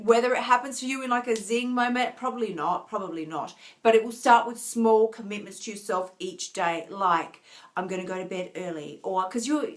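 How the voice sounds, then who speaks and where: A tired, emotional woman coach talking earnestly to viewers on a live stream, restarting often and laughing softly. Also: a little high. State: tired, near tears. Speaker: wellness coach.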